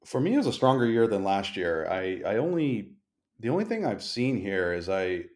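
A man with a low, dark, mellow voice co-hosts a podcast over a remote call from a hotel room. He talks in long, articulate, deliberate sentences in a relaxed chat. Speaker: podcast co-host. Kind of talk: casual chat. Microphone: remote call recording.

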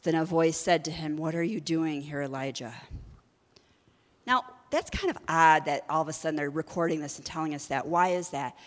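A woman's voice: sits low, fairly quick, few pauses, in a large hall. A woman preaching a sermon, mixing scripture reading with casual, joking asides. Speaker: pastor.

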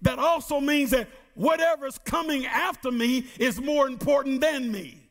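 A middle-aged male pastor preaching a sermon, reading scripture slowly and calling out questions to the congregation. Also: extremely high pitch, fairly bright tone. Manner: reads scripture slowly with emphasis.

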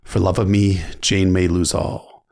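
A man voicing a young male king who speaks in a solemn, quiet, halting way, in a deadpan book recap. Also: sits low, no room sound, clean studio sound, pitched below the performer's own voice.

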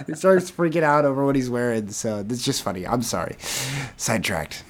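A young man co-hosting a podcast in casual chat, rambling and laughing as he retells scenes with animated bursts. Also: medium pitch, brisk. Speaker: podcast co-host.

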